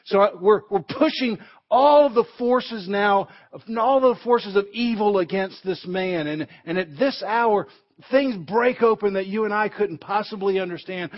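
A man's voice: sits high, a little slow. A man preaching a sermon in an emphatic way, building to fervent peaks, heard on a dull, lo-fi recording.

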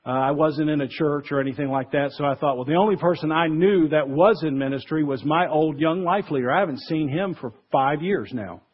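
A man's voice: on the high side, fairly quick, few pauses, husky, lo-fi sound. A man preaching a conversational sermon as pastor, acting out the voices he quotes.

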